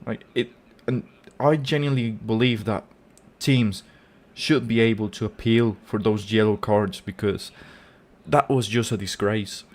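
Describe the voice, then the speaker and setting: A man with a fairly low voice speaks in a steady tone, a little slowly, as he hosts a football fan channel. His live match reaction turns into an angry, swearing rant with lots of repeated words.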